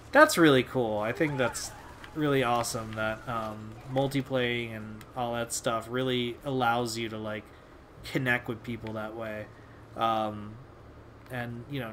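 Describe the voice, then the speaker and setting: A man's voice: mid-range voice, a bit bright, slight background noise. A young man hosting a video, telling a casual story in a rambling, laid-back way with lots of fillers and swearing. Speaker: video host.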